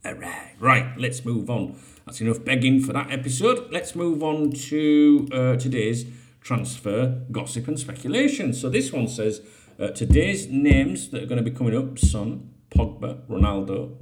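A man's voice: mid-range voice, lively intonation, a little slow, darkish tone. A man hosting a casual solo podcast. He reads out headlines and breaks in with sweary, jokey asides. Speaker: podcast host.

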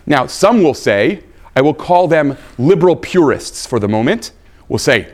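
A man, a rabbi giving a live lecture, emphatic and animated, checking in with his listeners with frequent "right?" and "okay?". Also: a little high, a little slow.

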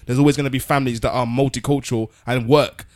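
A man's voice: mid-range voice, steady tone, fast. A man explaining his view in casual podcast talk, earnestly, often repeating words as he works through a point. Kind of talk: casual discussion.

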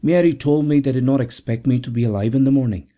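A man voicing a frail, sick young woman from a storybook, speaking softly and weakly. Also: medium pitch, quick pace, pitched above the performer's own voice, natural voice. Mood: weak anxious. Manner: soft, weak and anxious.

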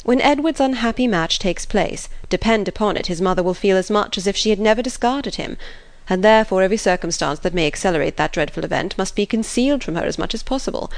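A woman reading the part of a pompous, fussy gentleman who lectures his sister. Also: medium pitch, quick pace, lightly acted. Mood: lecturing. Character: pompous fussy gentleman, self-important brother.

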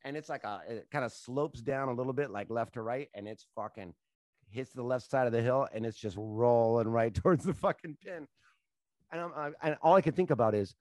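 Profane animated man telling stories. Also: mid-range voice, no echo. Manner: profane, animated storyteller, laughs at his own stories. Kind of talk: casual storytelling chat.

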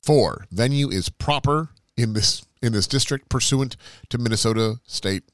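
A man's voice: medium pitch, moderate pace, no echo, clean studio sound. A man co-hosting a podcast, reading long legal text aloud steadily and laughing at it between chats. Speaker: podcast co-host. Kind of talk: casual chat and reading documents aloud.

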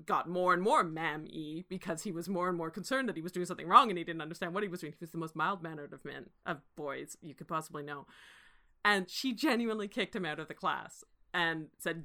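A woman co-hosting a casual film discussion, talking in an animated way with restarts and laughs. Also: fairly low pitch, a little fast. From Canada. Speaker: podcast co-host.

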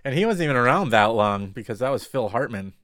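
A man's voice: mid-range voice, expressive, fast, a bit bright, dry recording. A man co-hosting a podcast, rambling in casual chat with many fillers and restarts. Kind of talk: casual chat about TV shows.

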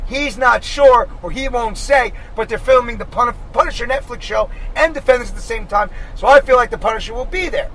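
Very high-voiced man recapping in a car. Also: a little fast, few pauses, slight background noise, low-quality recording. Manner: animated, blunt and profane. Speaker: podcast co-host. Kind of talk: casual chat. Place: inside a moving car.

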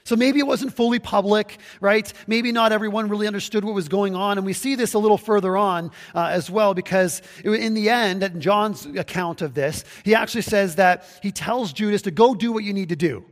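A pastor giving a conversational sermon, with restarts and acted-out quotes. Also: male voice, high voice, fairly quick, hardly any pauses, big-room sound. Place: church sanctuary, livestreamed.

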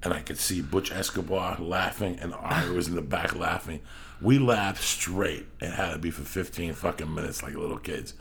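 A middle-aged man with a very low, gravelly voice spins a rambling, swear-heavy story in casual podcast chat. He slips into loud bursts when he acts out what people said. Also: normal speed, slight background noise. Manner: profane, rambling, bursts into yelling when acting out quotes. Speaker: podcast host.

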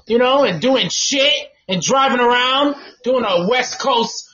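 A man co-hosting a podcast outdoors on a patio, talking loudly with profane, laughing banter. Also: very high-pitched, animated, measured pace, dull audio. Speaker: podcast co-host. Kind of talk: casual chat.

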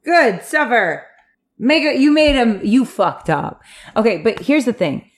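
A woman's voice: on the high side, big pitch swings, normal speed. A woman co-hosting a casual chat, ranting bluntly with plenty of swearing. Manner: blunt, profane, exasperated ranting. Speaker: podcast co-host.

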